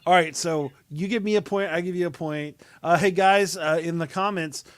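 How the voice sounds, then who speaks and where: A man hosting a podcast over a video call, chatting casually and rambling with many pauses and fillers. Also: high voice, no room sound. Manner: rambling, hesitant, lots of uh and um. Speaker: podcast host. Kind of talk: casual chat.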